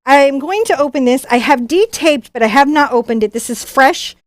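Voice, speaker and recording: In a clean, dry studio recording, a woman with a high voice hosts a live unboxing. She's a professional artist and YouTube host, and she chats in a bubbly, gushing way with quick bursts of excitement.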